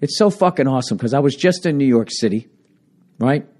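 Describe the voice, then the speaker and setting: A man's voice: mid-range voice, expressive, a little fast, warm tone. Profane, ranting man with a cracking voice. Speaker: stand-up comedian and podcaster. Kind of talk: solo podcast monologue. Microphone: handheld recorder.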